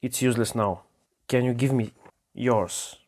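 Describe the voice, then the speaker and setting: A man playing a sensible, caring female adventurer who urges the group on. The voice stays close to his own, calm and slow-paced. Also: mid-range voice, lightly acted. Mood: urgent. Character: practical, caring female halfling companion.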